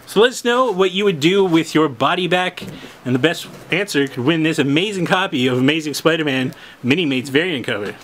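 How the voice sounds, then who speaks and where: A man from Canada co-hosting a comic shop video, joking through a giveaway segment and swinging between loud lines and mumbled asides. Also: fairly high pitch, expressive, a little fast, slight background noise. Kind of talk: casual chat.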